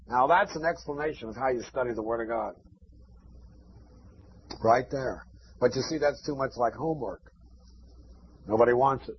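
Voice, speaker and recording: A man's voice: fairly high pitch, animated, normal speed, slightly rough. A man preaching a sermon, emphatic and chanting repeated phrases. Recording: dull lo-fi recording.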